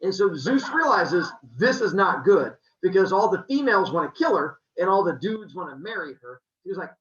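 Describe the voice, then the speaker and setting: A man's voice: high-pitched, normal speed, few pauses, highs cut off. A man telling a myth as a comic story in a casual, jokey way. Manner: casual, jokey, animated retelling.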